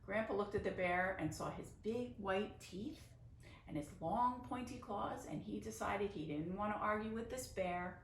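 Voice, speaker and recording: A woman's voice: medium pitch, moderate pace. A woman teacher reading a picture book aloud to children, with chatty asides and explanations of Yiddish words. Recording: roomy, distant mic, faint noise.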